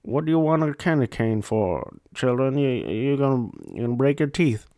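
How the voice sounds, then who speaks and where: A man's voice: medium pitch, lively intonation, normal speed, dark tone, dry recording, studio quality, close to an everyday voice. A man doing a scolding, grumpy Santa. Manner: scolding children. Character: grumpy male Santa played as a sports star.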